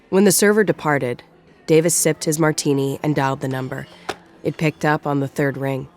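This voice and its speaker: A narrator reading a novel in a measured storytelling manner. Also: mid-range voice, steady tone. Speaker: audiobook narrator. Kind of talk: scripted narration.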